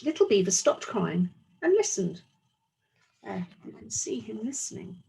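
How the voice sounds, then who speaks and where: A woman's voice: mid-range voice, big pitch swings, a little slow, vocal fry, mellow, slight background noise, rough recording. A woman teacher reading a storybook aloud to young children, explaining as she goes.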